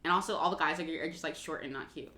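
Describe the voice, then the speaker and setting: A woman's voice: deep voice, fast talker, pushed and bright. A woman in her twenties, a podcast co-host, chatting casually and telling offhand anecdotes. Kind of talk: casual chat. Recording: roomy with faint background noise.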